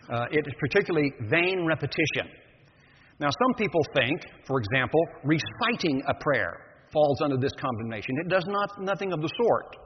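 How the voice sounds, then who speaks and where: An older man preaching a sermon as pastor, reading scripture then explaining it in a measured, earnest way. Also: medium pitch, slight background noise. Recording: echoey dull lo-fi hall recording.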